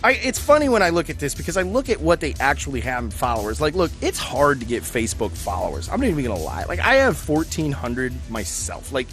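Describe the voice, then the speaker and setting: A man in loose, profane chat, rambling from story to story with frequent laughs. His voice sits a bit high. Faint music plays in the background. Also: huge pitch swings, quick pace, hardly any pauses, fairly bright tone. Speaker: podcast co-host. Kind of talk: casual chat.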